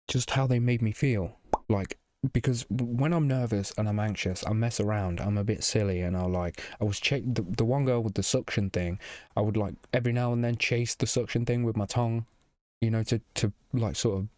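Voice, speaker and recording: Rambling, sweary man, low mellow voice. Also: dry recording, clean studio sound. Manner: rambling, sweary, with many fillers and restarts. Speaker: vlogger. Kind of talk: casual storytelling to camera.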